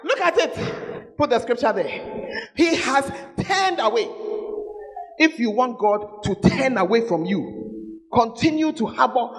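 A man preaching a sermon, swinging from shouted lines to low, intense passages. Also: animated, measured pace, pauses often, in a large hall, faint music behind, poor audio.

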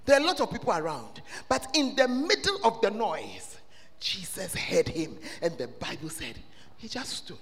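A man preaching a sermon in a church, swelling into loud, sing-song shouting. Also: sits high, sing-song, normal speed. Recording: long reverb of a church hall.

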